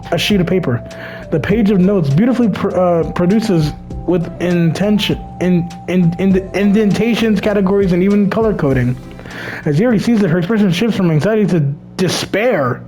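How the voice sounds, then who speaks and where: A man's voice: high voice, normal speed, darkish tone, faint music behind. A man reading a visual novel aloud for a let's play, stumbling over words and dropping crude asides.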